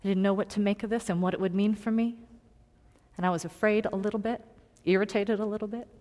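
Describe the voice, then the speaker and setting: A woman preaching a personal story in a sermon, earnest and confiding, moving between loud emphasis and hushed tones. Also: medium pitch, fairly even intonation, fast talker. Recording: long hall reverb.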